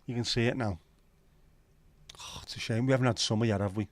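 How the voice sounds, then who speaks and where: A man's voice: medium pitch, fairly even intonation, fast, dry recording. A man hosting a casual livestream chat, reading out viewer comments in a bantering, crude, sweary way. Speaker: livestream host.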